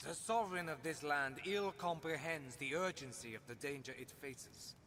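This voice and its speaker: A man's voice: on the high side, normal speed, sharp tone, a little hiss or hum. An actor playing a grave male knight with a French accent, speaking in stern, formal archaic words.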